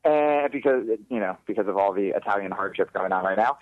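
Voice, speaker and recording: A man's voice: lowish voice, brisk, few pauses, no echo, phone-quality sound. A man who does stand-up comedy, talking casually in an interview, rambling, swearing and often laughing.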